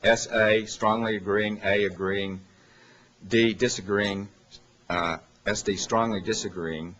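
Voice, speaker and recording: A man giving an academic lecture from a handout, pausing often with fillers and correcting himself. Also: lowish voice, steady tone, a bit bright. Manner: halting, many "uh" fillers and self-corrections. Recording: dull lo-fi lecture recording.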